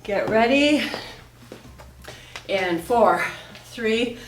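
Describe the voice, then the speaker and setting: Breathy woman fitness coach, echoey room. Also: fairly high pitch, expressive, drawn-out words, distant mic, a little hiss or hum. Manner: cues moves while exercising, breathy between sets. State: out of breath at times. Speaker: fitness instructor. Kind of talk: follow-along workout coaching. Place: home workout studio, indoors.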